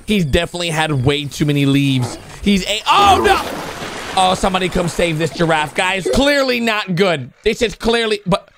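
A man hosting a reaction video, giving excitable, exclamatory commentary on animated clips and calling out to viewers. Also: high-pitched, moderate pace, hardly any pauses, very noisy. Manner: excitable, exclamatory, talks to viewers as "bro" and "guys". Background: music.

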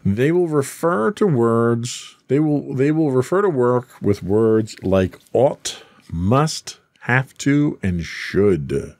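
A man's voice: medium pitch, animated, takes it slowly, few pauses, a little mellow, no room sound. A man hosting a podcast, reading a script aloud between teasing, casual banter with his co-host.

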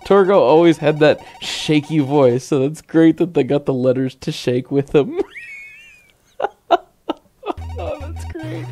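A man hosts a relaxed let's-play, talking through the game in a giggly, excitable way. His speech is unhurried but lively in pitch, with faint music behind him. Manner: giggly and excitable, laughs often. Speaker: gaming channel host. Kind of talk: casual let's-play commentary.

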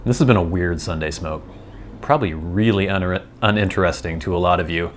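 A man's voice: deep voice, a little fast, a little hiss or hum. A man hosting a vlog, thinking aloud in a casual, rambling monologue with self-deprecating asides. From United States. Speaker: vlog host.

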